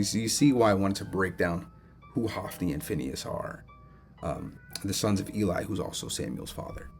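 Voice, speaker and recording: A young man leading a casual Bible devotional, talking in a relaxed, conversational way with many fillers and restarts. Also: fairly low pitch. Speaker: devotional host.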